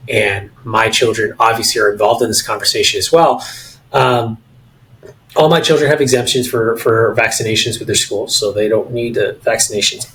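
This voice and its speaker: A man's voice: mid-range voice, fairly bright tone, poor audio. A middle-aged man with an American accent, talking animatedly and with firm opinions as co-host of a casual podcast discussion, often restarting his sentences.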